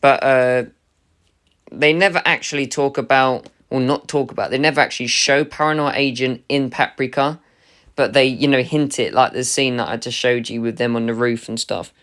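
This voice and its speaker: A man with a smooth, clear voice at a middle pitch, talking through a casual spoken review. He sounds chatty and enthusiastic as he ranks the works he covers. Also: fairly even intonation, normal speed, fairly bright tone. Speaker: anime reviewer.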